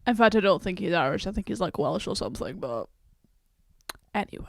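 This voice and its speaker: A woman's voice: on the low side, very animated, gravelly, dry recording, clean studio sound. A woman giving casual, rambling reaction commentary in a chatty way. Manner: chatty, rambling, quick to laugh. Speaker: reaction YouTuber.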